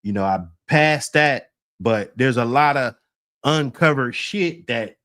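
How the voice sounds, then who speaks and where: A man's voice: mid-range voice, expressive, slow, a bit bright. A man from the United States hosting a casual street talk, laid-back and rambling, often trailing off.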